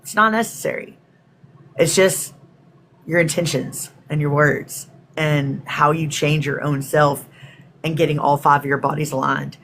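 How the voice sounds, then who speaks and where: A woman's voice: deep voice, fairly even intonation, a little slow, creaky, fairly bright tone, a little hiss or hum. Chatty woman hosting a livestream. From Texas. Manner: chatty and rambling, greets viewers by name. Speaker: spiritual teacher hosting a livestream. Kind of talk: casual livestream talk.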